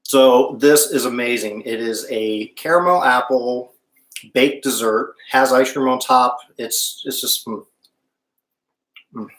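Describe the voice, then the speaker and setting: His voice sits at a medium pitch with a somewhat bright quality, and he speaks at a slow pace in a room full of echo. During his informal cooking live stream he chats with the people watching, breaking off to hum while tasting.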